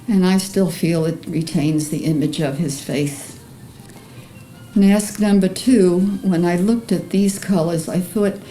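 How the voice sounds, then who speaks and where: An older woman with a Bronx accent, an artist reading a personal memoir aloud in an earnest, emotional, measured way. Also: lowish voice, dark tone, rough recording. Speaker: artist presenting her paintings.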